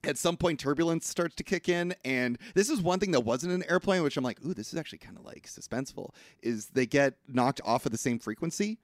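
A man's voice: fairly high pitch, lively intonation, brisk, hardly any pauses, dry recording, clean studio sound. Man casually retelling a movie plot. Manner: laughs often, retells scenes in quotes. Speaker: podcast co-host. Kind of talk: casual film discussion chat.

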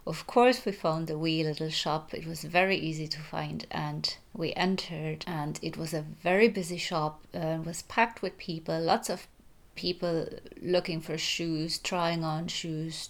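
A woman in her thirties, a host telling a gentle, conversational bedtime story. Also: fairly low pitch.

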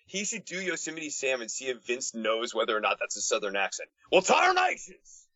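A man co-hosting a podcast, tossing in quick, teasing remarks. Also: mid-range voice, sing-song, sharp tone, no room sound. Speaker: podcast co-host. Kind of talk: casual chat. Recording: slightly dull lo-fi audio.

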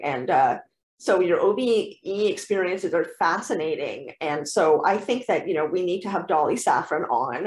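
A woman hosting a podcast interview, effusive and encouraging as she praises her guest. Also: deep voice. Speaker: podcast host. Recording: echoey room.

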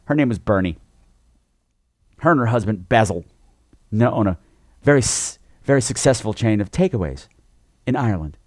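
A man's voice: on the low side, animated, moderate pace, long pauses, no echo, studio quality. A man hosting a podcast, giving a sassy, profane and exasperated comic movie review.

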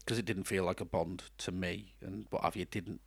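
A man's voice: deep voice, fairly even intonation, brisk, gravelly, husky, dry recording. Chatty man, dry close mic. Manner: chatty, self-mocking, many restarts. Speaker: podcast co-host. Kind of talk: casual chat.

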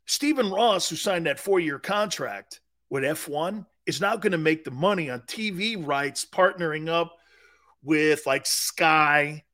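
A man's voice: fairly high pitch, unhurried, fairly bright tone. A man hosting a live sports talk show, telling a long, rambling anecdote in a casual way.

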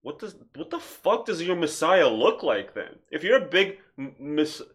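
A man hosting a casual podcast, animated, swearing freely and firing off rhetorical questions. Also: a little high, moderate pace. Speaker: podcast host.

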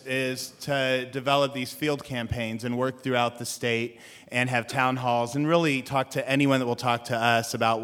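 A man telling a personal story on a theater stage in a relaxed, conversational way, with some restarts. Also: mid-range voice. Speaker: storyteller, legal activist. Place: theater stage before a live audience. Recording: live theater with audience murmur.

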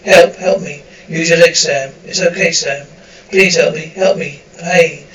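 A man's voice: on the high side, steady tone, measured pace, a bit bright, a little hiss or hum. A man reading the lines of a frantic young woman who is trying to save a friend, in an urgent, pleading way. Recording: roomy, distant, muffled recording.

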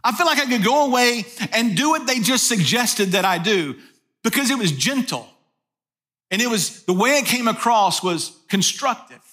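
Guy preaching a sermon, high-ish voice, talks to you like a chat. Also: sing-song, normal speed, pushed and bright. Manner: conversational, asks rhetorical questions. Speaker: pastor.

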